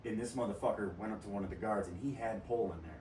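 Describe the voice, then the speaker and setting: A man's voice: on the low side, fast, a little mellow, far from the mic, a little hiss or hum. A man hosting a podcast in casual chat, telling profane stories and laughing often. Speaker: podcast host. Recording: roomy echo from off-mic, faint ambience.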